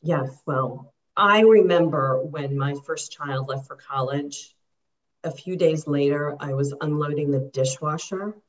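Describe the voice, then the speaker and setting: A woman's voice: deep voice, measured pace, highs cut off. A woman in her fifties, a life coach and interview guest, speaking earnestly and reflectively. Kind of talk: interview answers.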